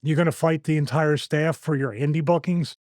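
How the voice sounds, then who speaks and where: A man's voice: fairly high pitch, fairly even intonation, brisk, darkish tone, dry recording. A middle-aged man hosting a podcast, telling anecdotes in a loose, chatty way and laughing between stories. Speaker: podcast host. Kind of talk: casual podcast chat.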